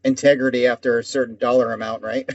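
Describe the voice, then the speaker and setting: With a steady, mid-range voice at a slightly quick pace, this man co-hosts a podcast and rants on and on in casual conversation. He comes across as heated and rambling, and he swears a lot. Expect a dry, echo-free, dull lo-fi recording.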